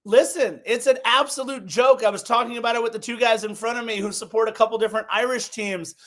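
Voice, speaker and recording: A man co-hosting a casual sports podcast, telling stories in an animated, emphatic way. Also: extremely high pitch, fast talker. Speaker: podcast co-host.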